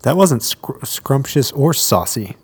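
A man's voice: medium pitch, sing-song, takes it slowly, slightly rough. A middle-aged man co-hosting a casual podcast, trading wry comebacks and teasing quips. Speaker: podcast co-host. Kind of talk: casual banter.

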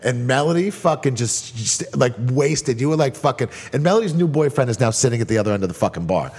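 A man's voice: mid-range voice, expressive, fast talker, a little mellow, husky, long reverb tail. A man telling a rambling, profane story in a casual chat, with lots of restarts. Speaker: podcast co-host telling a bar story.

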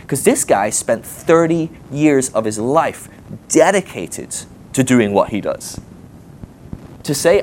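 Chatty, animated male preacher. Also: mid-range voice, unhurried, slight background noise. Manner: animated, chatty, full of asides and rhetorical questions. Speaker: guest preacher. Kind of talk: conversational sermon. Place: teaching session before a live group.

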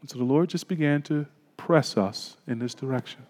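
A pastor preaching a sermon, telling a personal story in a conversational, reflective way. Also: male voice, medium pitch, moderate pace, a little mellow, big-room sound.

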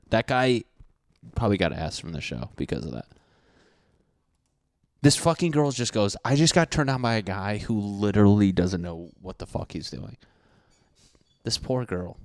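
A young man reacting to a dating show clip in crude, excitable commentary, often swearing and acting out what people are thinking. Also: medium pitch, no echo, studio quality. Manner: excitable, swearing, mock-narrating others' thoughts.

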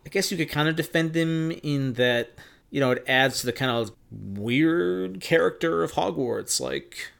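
A man's voice: a little high, unhurried, vocal fry, a bit bright. A man co-hosting a podcast in casual chat, laid-back and musing with jokes. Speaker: podcast co-host.

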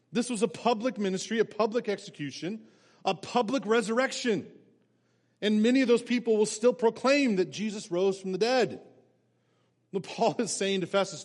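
A pastor preaching with animated emphasis. His voice sits a bit high for a man. Long reverb from the church sanctuary hangs behind him. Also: normal speed. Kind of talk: sermon.

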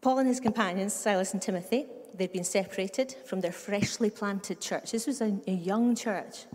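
A woman's voice: mid-range voice, moderate pace, a little mellow, a little hiss or hum. A middle-aged woman with a Scottish accent, a pastor giving a conversational sermon full of humorous stories and asides. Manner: chatty storyteller with humorous asides. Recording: long reverb of a large room.

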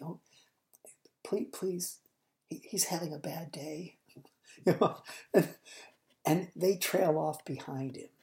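A woman preacher with a low, dark, mellow voice tells a scene as a story during a sermon. She swings between booming emphasis and near-hushed lines to paint the moment vividly.

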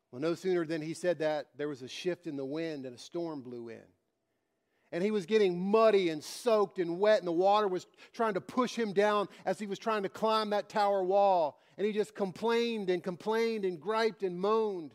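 Preaching a sermon in a high-pitched voice at normal speed, a man repeats phrases for emphasis and tells a story to drive his point home. His cadence is emphatic and repetitive.

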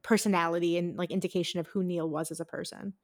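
A woman's voice: lowish voice, fairly even intonation, quick pace, a little mellow. A young woman co-hosting a podcast, talking frankly and casually with some swearing. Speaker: podcast co-host. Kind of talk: casual chat.

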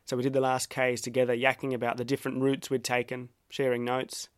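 This Australian man delivers a personal, reflective essay he wrote himself, keeping it measured and wry with dry self-mockery. His smooth voice stays in an ordinary male middle pitch and runs in a monotone. It's miked closely and dryly, and there's no room sound.

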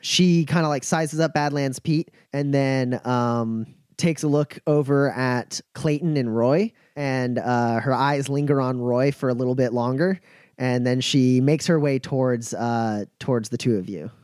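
A man's voice: mid-range voice, a little slow, darkish tone, smooth, no room sound, clean studio sound. A man narrating a tabletop game as game master, loosely, with many fillers.

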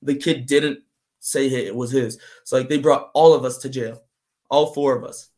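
A young man from Brazil, a native Portuguese speaker, telling his story in a casual interview, animated and full of "man" and "like". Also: medium pitch, moderate pace. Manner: animated, acts out voices in quotes, fills with "man" and "like". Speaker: guest.

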